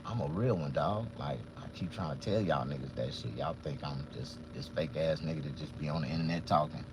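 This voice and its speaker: A man vlogging from a car, ranting casually and profanely, swinging between loud outbursts and low muttering. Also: fairly quick, background noise. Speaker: vlogger and barber. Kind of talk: casual live-stream rant.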